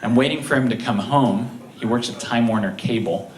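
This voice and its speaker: A man telling funny stories on stage at a live show, chuckling through them with halting restarts. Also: medium pitch. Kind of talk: live comedic storytelling. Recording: roomy, distant live-stage mic.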